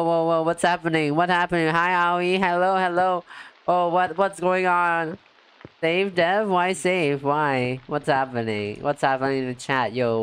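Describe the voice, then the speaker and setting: Slow-talking excitable male streamer. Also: clean tone. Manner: chatty and excitable, lots of "yo" and "like"; jumps up in pitch when greeting chat. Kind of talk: casual let's-play commentary.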